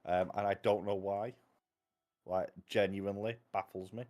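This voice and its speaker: A man's voice: on the low side, steady tone, normal speed, darkish tone, faint music behind. A man chatting casually as a book channel host, rambling and wry, cutting himself off mid-sentence. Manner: rambling, self-interrupting, wry. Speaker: booktube host. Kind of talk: casual chat.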